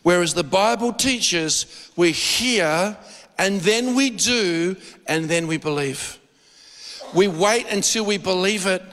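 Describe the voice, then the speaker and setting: A man giving a conversational sermon, telling lively, joking stories and acting out quotes. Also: sits high. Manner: animated storytelling with jokes and acted-out quotes. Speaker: preacher. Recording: long hall reverb.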